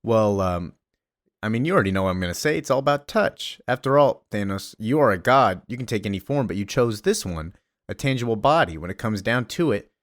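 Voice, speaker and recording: Wolverine the schemer, put on by a man, low and coaxing. The delivery is casual and persuasive. The room is dry and close. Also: lively intonation, fairly quick, no room sound, close to an everyday voice. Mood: scheming. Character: sly male Wolverine whispering schemes.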